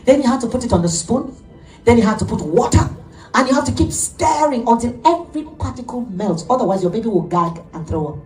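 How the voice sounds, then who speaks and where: Animated woman preacher, echoey room. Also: on the high side, a little fast, faint music behind. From Nigeria. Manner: animated storytelling preacher, laughs often. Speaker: pastor. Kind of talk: sermon. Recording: echoey room, heard from a distance.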